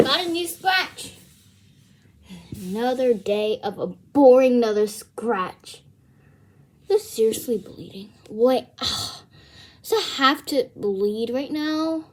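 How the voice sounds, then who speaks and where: A woman's voice: on the high side, expressive, slow. A teenage girl chatting casually in a home vlog, often dropping to a whisper, filmed by a camera across the room. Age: teens. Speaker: vlogger. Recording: echoey room from far off.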